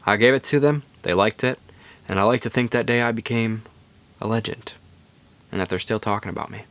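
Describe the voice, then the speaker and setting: A man's voice: fairly low pitch, fairly quick, fairly bright tone. A young man hosting a podcast, telling stories in a rambling, laid-back way with lots of fillers. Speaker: podcast host. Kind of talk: casual storytelling monologue.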